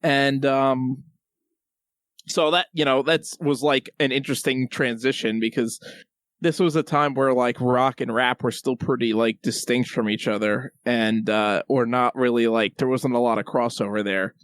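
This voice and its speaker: A man's voice: medium pitch, steady tone, moderate pace, no echo, studio quality. A young man co-hosting a podcast, explaining loosely with plenty of fillers. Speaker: podcast co-host. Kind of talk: casual podcast chat.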